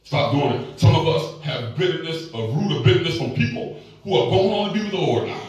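A man in his fifties preaching a sermon, telling a personal story in a folksy, emphatic way with sudden shouts. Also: a little high, expressive, a little fast. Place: large echoey church hall. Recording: echoey hall, voice from far off.

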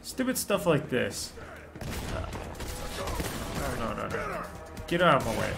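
A man narrating his own gameplay in a slow, drawn-out way, his voice gravelly and bright. His pitch jumps widely as he grumbles and swears at the game. Soft game music plays underneath. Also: very animated. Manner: frustrated, swearing and muttering at the game. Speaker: gaming channel host. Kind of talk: gameplay commentary.

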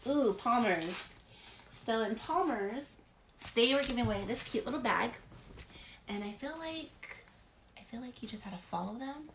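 A woman's voice: fairly high pitch, lively intonation, a little slow, pauses often, noisy background. A woman vlogger chatting casually about free beauty products, rambling with frequent fillers. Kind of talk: casual haul chat.

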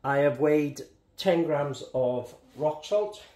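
A man's voice: fairly high pitch, takes it slowly, darkish tone. Chatty Welsh man in his sixties baking. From Wales. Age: 60s. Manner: chatty, step-by-step, talks to viewers as he works. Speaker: home baker. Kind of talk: casual baking demonstration. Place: home kitchen. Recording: echoey kitchen, faint background noise.

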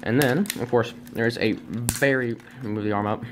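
A man's voice: mid-range voice, fairly even intonation, a little slow, noisy background. A man reviewing a toy at home on camera, rambling and self-deprecating, with many fillers and restarts. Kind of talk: casual unscripted review. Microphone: camera on a tripod.

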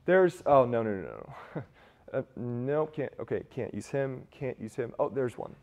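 A man voicing God choosing whom to use, in a low, hushed, musing tone. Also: expressive, measured pace, creaky, dull audio. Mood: dismissive. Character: God choosing people, calm and deliberate.

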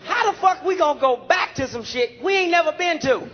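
A male stand-up comedian doing a brash, profane routine on stage, telling animated stories to a live audience. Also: very high-pitched, a little fast, faint music behind. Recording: dull live recording with audience noise.

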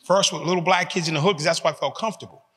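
Man, 50s, motivational speaker, high bright voice, animated street-talk storytelling, long hall reverb. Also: rapid-fire. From United States. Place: large hall in a prison.

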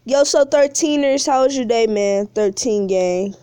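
A woman's voice: fairly high pitch, measured pace, dark tone, clear, resonant tone, dry recording. A woman live-streaming a mobile game on her phone, chatting in slang and whining about lag. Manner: slangy, calls viewers bro and man; whiny complaints about lag. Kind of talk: casual game streaming chat.

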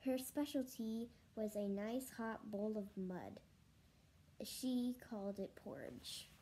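A woman's voice: mid-range voice, expressive, slow, warm tone, slight background noise, low-quality recording. A woman reading a children's story aloud, with slips and restarts.

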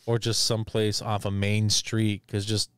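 Brief: male podcast co-host, smooth clear voice, dry close sound, loose and profane recap style. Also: lowish voice, completely flat delivery, normal speed, dry recording. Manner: rambling, profane, acts out scenes. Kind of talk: casual movie recap.

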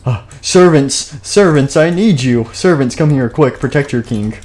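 A man's voice: medium pitch, unhurried, natural voice. Selfish panicky king, voiced by a male streamer, whiny and demanding. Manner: whiny and flustered.

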